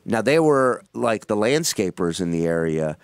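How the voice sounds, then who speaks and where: A man's voice: lowish voice, moderate pace, creaky, dry recording. Joking young man telling stories. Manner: animated, joking storyteller. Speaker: podcast guest. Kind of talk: casual chat.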